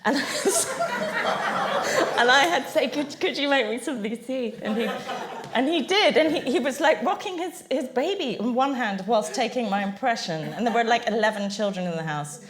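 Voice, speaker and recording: Crowd noise surrounds a woman on a public-venue panel as she recounts anecdotes on stage, laughing often. Her voice is fairly high and expressive, with a moderate pace.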